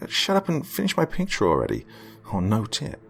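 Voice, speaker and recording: A man voicing a snooty, catty teenage girl who sneers at her friends, sometimes in a breathy whisper. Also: on the low side, sing-song, moderate pace, faint music behind, heavily acted. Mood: snobby, catty.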